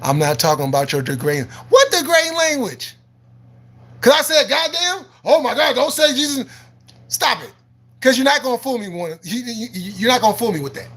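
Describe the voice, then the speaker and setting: Livestream host, male, combative and profane, preachy rant, high bright voice. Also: big pitch swings, a little fast. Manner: combative, profane, repeats himself, laughs often; preachy and argumentative, quoting scripture. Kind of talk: live-stream rant answering chat.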